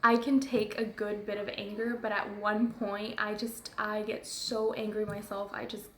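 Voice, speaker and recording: A woman's voice: medium pitch, flat delivery, normal speed, echoey room, slight background noise. A woman who works as a phone customer service agent, ranting in a casual vlog. She talks in a chatty, rambling way with many fillers and asides.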